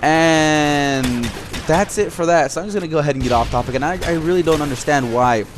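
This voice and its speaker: A man's voice: a little high, fairly quick, noisy background. A man talking to his viewers in a casual, rambling monologue, telling stories and giving his opinion. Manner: rambling, animated storytelling. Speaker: video blogger.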